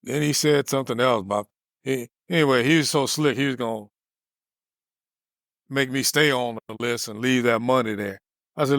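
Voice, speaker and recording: A man's voice: mid-range voice, normal speed, pauses often, fairly bright tone, no echo, studio quality. A man co-hosting a podcast, retelling a customer service run-in in casual chat and acting out both sides. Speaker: podcast co-host.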